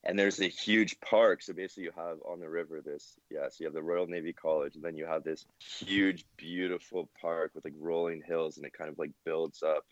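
A man's voice: sits low, steady tone, brisk, few pauses, dry recording. A young man co-hosting a podcast, chatting casually and rambling with lots of fillers. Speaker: podcast co-host. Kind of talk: casual chat. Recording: dull dry sound.

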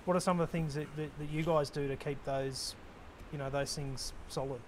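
Male moderator, slightly high, soft and hesitant, faint ambience. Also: steady tone, moderate pace, slight background noise. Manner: hesitant, soft-spoken questions with fillers.

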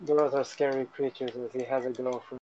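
A man's voice: medium pitch, level tone, a little fast, a little mellow, dull audio. A young man making blunt, profane joking remarks in a casual group call.

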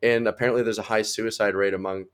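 A man with a fairly low voice co-hosts a casual podcast chat. He rambles excitedly and peppers everything with "like". His talk tumbles along in eager bursts. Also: fast talker. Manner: rambling, heavy use of "like", excitable. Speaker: podcast co-host.

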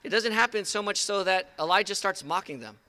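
A man delivers an outdoor sermon in a high, bright voice. He tells the stories conversationally, with an animated pulse that leans toward his listeners. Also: fairly quick. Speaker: pastor. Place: outdoor service.

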